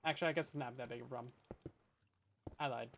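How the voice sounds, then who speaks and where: A man's voice: mid-range voice, fairly even intonation, quick pace, creaky, a bit bright, a little hiss or hum. A young man from Canada streaming a survival game, chatting with viewers in a jokey, self-deprecating way from his bedroom. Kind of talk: casual gameplay commentary. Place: hot bedroom.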